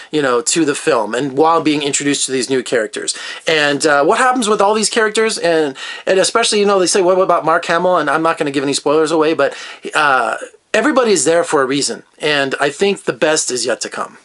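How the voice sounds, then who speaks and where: Middle-aged male critic, eager and scattered, talks fast in a fairly high register. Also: fairly bright tone. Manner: enthusiastic, rambling, jumps between topics. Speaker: film critic. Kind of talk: casual video review.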